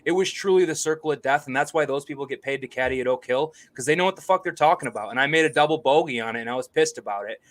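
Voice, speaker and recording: On a laid-back golf podcast, a young male co-host tells energetic stories, swearing freely and acting out the quotes as he goes. His mid-range voice comes rapid-fire, with few pauses.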